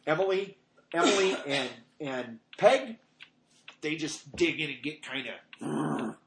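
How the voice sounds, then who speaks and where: A middle-aged man preaches in a loose, conversational way, wandering into family anecdotes and voicing the people in them. His voice sits a little high for a man. The room around him is echoey, with a faint hiss underneath. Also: lively intonation, slow, creaky. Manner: conversational, rambling, acts out quoted lines in a raised voice. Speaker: pastor. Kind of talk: informal sermon with personal stories.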